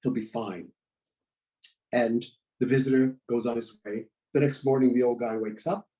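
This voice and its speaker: A man giving a reflective sermon at a spiritual center, in measured phrases with pauses. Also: mid-range voice, steady tone, dark tone, rough recording. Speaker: guest speaker at a spiritual center. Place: church sanctuary.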